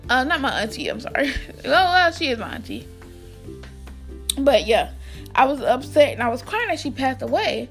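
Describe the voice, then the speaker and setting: High-voiced woman telling a rambling story. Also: moderate pace, vocal fry, faint music behind. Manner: rambling, animated, many fillers and restarts. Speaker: vlogger. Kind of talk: casual storytime addressed to viewers.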